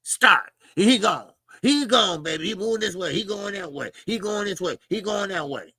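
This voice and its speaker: A man's voice: sits high, animated, fairly quick, a bit bright, breathy edge, no echo. A man hosting a casual boxing livestream, talking animatedly with swearing and greeting chat viewers by name. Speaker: boxing show host.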